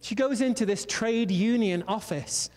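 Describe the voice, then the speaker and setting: A male pastor with a high-pitched voice delivers a sermon like he's telling a story over coffee, stopping for loose asides. His voice rings out with a long reverb trail, as if he's in a big church hall. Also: a little slow, a little mellow. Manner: conversational storytelling with many asides.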